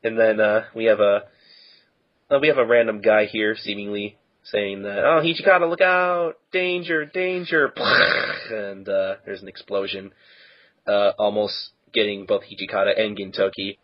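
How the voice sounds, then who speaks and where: A man's voice: on the low side, flat delivery, moderate pace, highs cut off. A man co-hosting a podcast, casually recapping a manga chapter in a rambling, filler-heavy way. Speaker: podcast co-host.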